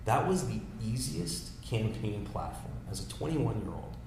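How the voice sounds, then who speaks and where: A man's voice: fairly low pitch, unhurried, gravelly. Man telling campaign stories. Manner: storytelling, many restarts and fillers, animated. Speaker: political strategist, guest. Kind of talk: anecdotal casual talk. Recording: echoey room with faint noise.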